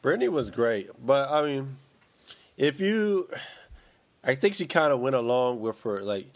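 A man's voice: medium pitch, big pitch swings, unhurried. A man in casual chat, talking in a rambling, opinionated way with many restarts.

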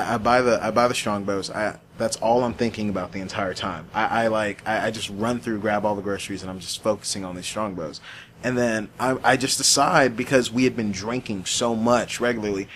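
A man, chatting casually with a friend and telling animated stories full of restarts and casual swearing. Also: fairly low pitch, a little hiss or hum. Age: 20s. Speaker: podcast host.

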